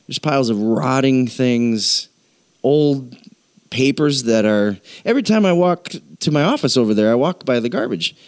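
A man preaches a sermon with a mid-range voice. He talks in an animated, conversational way. When he wants to drive a point home, he slows down and sinks lower. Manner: animated storytelling, voices people in a high pitch, slows and drops low for emphasis. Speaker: pastor.

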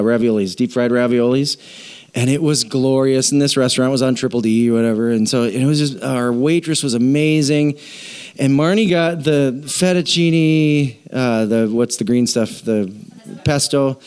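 A middle-aged man, the pastor, preaching a sermon in an animated, self-deprecating storytelling way. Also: medium pitch, normal speed, clean tone.

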